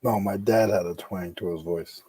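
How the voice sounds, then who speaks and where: A man with a thick Rhode Island accent chats and jokes in a laid-back way. His voice is dark and a bit husky. The sound is dry and close. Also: sits low, fairly even intonation, normal speed, no room sound. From New England. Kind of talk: casual chat.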